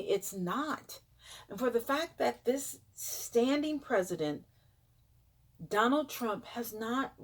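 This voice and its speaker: A woman vlogger talks slowly and unhurriedly, reading numbers aloud to her viewers. Her nose is stuffed up, and her dismay shows as she now and then drops to a hushed whisper. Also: a little high. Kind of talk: casual vlog reading statistics aloud.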